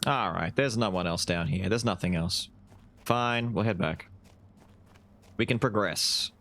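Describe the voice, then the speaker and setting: A man's voice: on the low side, unhurried. A man streaming a video game live, casually commentating, swearing and yelping as fights break out. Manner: excitable, swears, yelps during fights.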